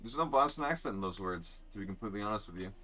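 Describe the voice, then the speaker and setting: Young guy streamer, lowish but bright voice, sarcastic and sweary, faint music behind. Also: lively intonation, racing. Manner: blunt, sarcastic, swears freely. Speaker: game streamer. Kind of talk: casual live-stream chat while gaming.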